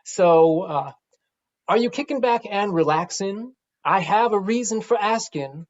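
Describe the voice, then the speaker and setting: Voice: mid-range voice, animated, measured pace, darkish tone, lo-fi sound, close to an everyday voice. An actor playing a famous songwriter calling on the phone, talking in rhymes and slang, in a stage play. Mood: rhyming. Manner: talks in rhymes. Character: impression of a famous composer, rhyming street-style talk.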